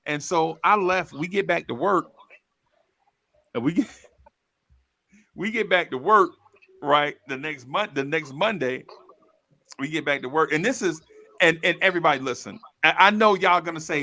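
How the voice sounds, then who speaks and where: High, gravelly man telling a comic story. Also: measured pace, pauses often, dry recording. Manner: animated, laughs often, calls the listener bro. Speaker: storyteller host.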